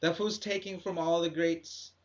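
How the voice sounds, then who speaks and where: A man's voice: on the high side, fairly even intonation, moderate pace. Profane, joking podcast co-host, a man. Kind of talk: casual podcast chat. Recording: roomy, dull lo-fi podcast audio.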